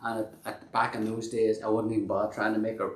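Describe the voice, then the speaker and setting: A man's voice: fairly low pitch, little pitch movement, fast, a little hiss or hum. A man hosting a casual live-stream chat, rambling and self-deprecating with many restarts. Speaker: host and band member. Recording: echoey room.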